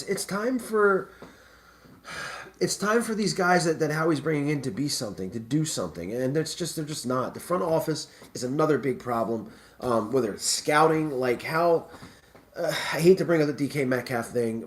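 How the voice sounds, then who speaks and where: A man hosting a live sports talk stream, rambling and stammering through restarts in casual chat. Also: mid-range voice. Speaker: live show host.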